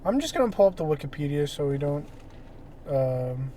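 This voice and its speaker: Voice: medium pitch, sing-song, moderate pace, mellow, a little hiss or hum. A podcast co-host chatting casually about a movie, hesitant and full of "um" fillers. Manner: hesitant, many "um" fillers and restarts. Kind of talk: casual movie review chat.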